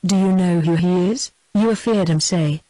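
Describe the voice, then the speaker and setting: A reader voicing a haughty, quick-tempered French-speaking general in an audiobook, giving orders with French oaths mixed in. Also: mid-range voice, dark tone, dry recording, lightly acted, poor audio. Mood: imperious. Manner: imperious, mixing French oaths into speech. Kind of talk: audiobook character voice.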